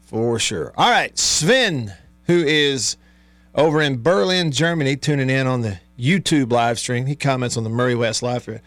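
A man's voice: mid-range voice, animated, normal speed, fairly bright tone, no echo. Easygoing man hosting radio. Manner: easygoing, chatty, laughs often, reads listener texts. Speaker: radio show host. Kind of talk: casual sports talk radio chat. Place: radio studio. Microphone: studio microphone.

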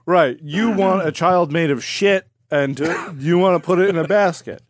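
A man's voice: sits high, moderate pace, no echo, clean studio sound. A man co-hosting a podcast, spinning absurd comic scenarios in crude banter. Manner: absurd storyteller, laughs through bits.

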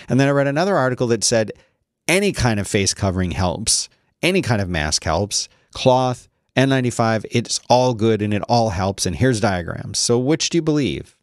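A man's voice: lowish voice, no echo, studio quality. A man hosting a casual solo podcast, rambling with sarcastic, mock-outraged complaints. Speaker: podcast host.

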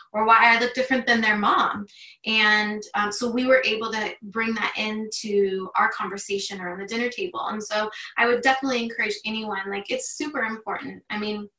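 A woman's voice: mid-range voice, pushed and bright, reverberant, recorded from a distance, low-quality recording. A woman in her thirties talking earnestly and openly in a candid conversation, with plenty of "like" fillers. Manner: earnest, heartfelt, chatty with many "like" fillers. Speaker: guest.

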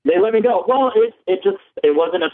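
A man from San Diego calling in to a show, halting, with many ums and nervous laughs. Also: high-pitched, lively intonation. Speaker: caller. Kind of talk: casual call-in chat. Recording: phone line.

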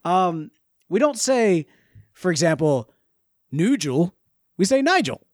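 A man's voice: sits high, big pitch swings, measured pace, a little mellow, no echo, clean studio sound. A man co-hosting a podcast in casual chat, playful and full of stammered restarts. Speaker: podcast co-host.

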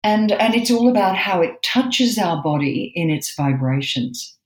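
A woman's voice: medium pitch, expressive, unhurried, echoey room, low-quality recording. A woman, explaining voice in an interview as an expert guest, emphatic and demonstrative.

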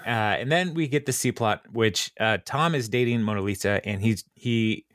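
A man's voice: medium pitch, fairly bright tone, no echo. Chatty man, dry close sound. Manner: rambling retelling with many ums and quick laughs. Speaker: podcast host recapping a TV episode. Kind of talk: casual chat.

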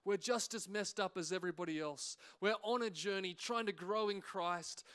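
A male pastor preaches in a high, bright voice that rings clear. He tells his story with humor, acting out the little asides as he goes. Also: normal speed. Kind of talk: sermon.

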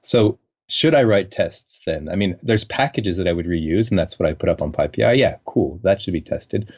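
A man's voice: deep voice, expressive, normal speed, a little mellow, muffled recording. A man from French Canada, a scientist guest on a podcast, talking in a thoughtful, rambling way with many fillers. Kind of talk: conversational interview.

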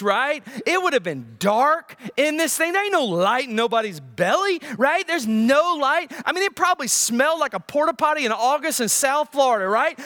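A man preaching a sermon, swinging from loud bursts down to near-whispers and checking in with "right?" again and again. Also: extremely high pitch, very animated, normal speed, few pauses. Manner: peppers lines with "right?". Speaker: pastor.

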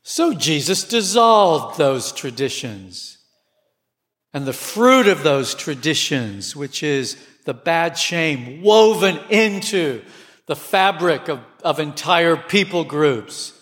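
A man preaching a sermon with passion, his voice climbing to near shouts at times. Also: fairly high pitch, sing-song, slow pace. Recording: long hall reverb.

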